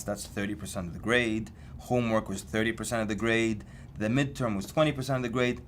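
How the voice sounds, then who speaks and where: A man's voice: mid-range voice, slight background noise. Conversational male lecturer. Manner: conversational, repeats and restarts words. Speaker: Islamic course lecturer. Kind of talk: recorded lecture with anecdotes.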